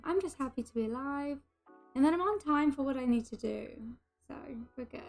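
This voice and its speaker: A woman's voice: high-pitched, lively intonation, a little fast, vocal fry, darkish tone, faint music behind. A woman streamer in casual, bubbly chat, greeting and thanking her viewers by name.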